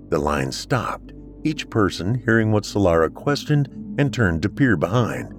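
Man, podcast storyteller, very low voice, measured scripted narration. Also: sing-song, faint music behind.

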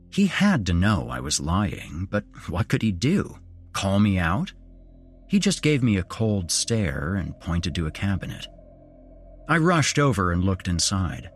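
A low, husky man narrating a horror tale in the first person, his pitch rising and falling with real animation. He moves from wry asides to tense moments, with faint music sitting underneath. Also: huge pitch swings, measured pace. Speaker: storyteller.

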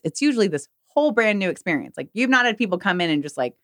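A woman's voice: mid-range voice, big pitch swings, fast, hardly any pauses, fairly bright tone, dry recording, studio quality. A young woman, a professional organizer and podcast guest, talking casually and emotionally with many fillers. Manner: chatty and emotional, many fillers like "like" and "you know".

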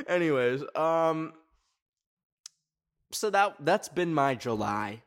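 A man's voice: a little high, very animated, takes it slowly, pauses often. A man hosting a casual chat show from his garage, rambling with lots of fillers and poking fun at himself, sweaty in the summer heat. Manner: rambling, filler-heavy, self-mocking. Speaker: podcast host.

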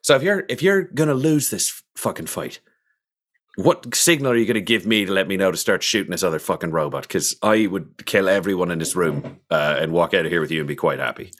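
A man's voice: sits low, a little fast, fairly bright tone. A man playing a tabletop game, brash and talkative, swearing freely. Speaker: player. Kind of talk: casual tabletop play.

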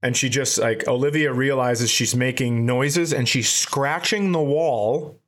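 A man's voice: medium pitch, unhurried, a bit bright. A man co-hosting a podcast, telling comic stories in a casual, profane way and laughing at his own punchlines. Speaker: podcast co-host. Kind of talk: casual comedic storytelling.

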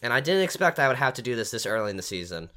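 A man's voice: medium pitch, sing-song, rapid-fire, sharp tone. A man giving a rambling weather and trivia segment on a casual sports podcast, filling his talk with "like" and repeats. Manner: rambling, repeats himself with many "like"s.

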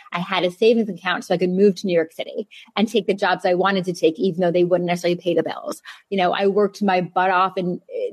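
A woman's voice: lowish voice, no echo. A woman in her thirties, a jewelry designer, answering interview questions in a candid, emphatic way. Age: 30s. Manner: candid, emphatic, repeats phrases.

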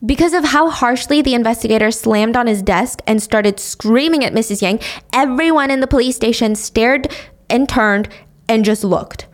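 A woman's voice: fairly high pitch, normal speed. A woman casually telling a true-crime story to a friend, with indignant, sarcastic asides.

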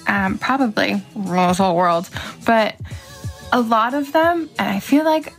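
A woman's voice: mid-range voice, a little slow, soft background music. A young woman giving a friend a recorded birthday tribute, gushing and effusive in her admiration.

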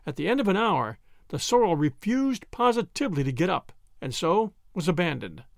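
A man narrating an audiobook in an animated reading style. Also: high voice, moderate pace, gravelly, dry recording, studio quality.

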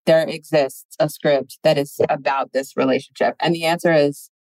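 A woman in her thirties telling a story as a podcast guest, deadpan and drawn out. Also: sits low, dry recording, low-quality recording. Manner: deadpan, drawn-out delivery, puts on voices in anecdotes. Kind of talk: casual chat, storytelling.

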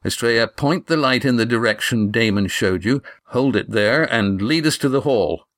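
A man's voice: mid-range voice, moderate pace, fairly bright tone, dry recording, studio quality, natural voice. A man voicing a stern male leader in an audiobook, curt and commanding.

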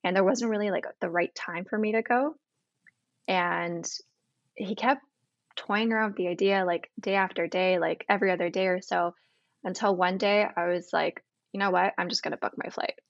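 A woman's voice: mid-range voice, steady tone, normal speed, no echo, highs cut off. A woman in her twenties from Canada, telling a personal story as an interview guest, chatty and full of quoted dialogue.

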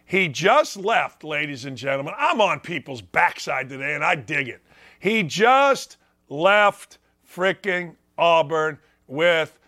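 A man's voice: fairly high pitch, sharp tone. A man in his sixties from northwest Indiana hosting a sports talk show, ranting and mocking in an opinionated monologue that keeps repeating its points.

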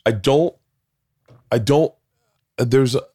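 A man's voice: mid-range voice, slow pace, warm tone, slightly rough, no room sound, studio quality. A man in his forties telling a rambling story in casual chat, swearing often and restarting sentences. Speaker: podcast guest, comedian.

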